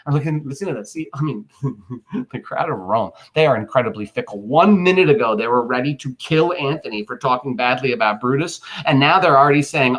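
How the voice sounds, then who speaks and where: A male teacher walks his class through a play in a lively, chatty way. His voice is husky and a little raspy, and he keeps the tone informal and playful. The pitch sits in a plain middle range. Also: a little fast, poor audio. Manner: animated and conversational, with playful exclamations. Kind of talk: literature lesson, explaining a play.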